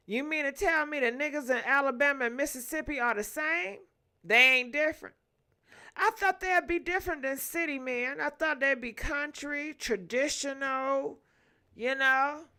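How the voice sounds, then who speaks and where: Bright high-voiced woman chatting on a livestream. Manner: chatty, laughs often, hums to herself between comments. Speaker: gossip livestream host. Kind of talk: casual livestream chat reading viewer comments.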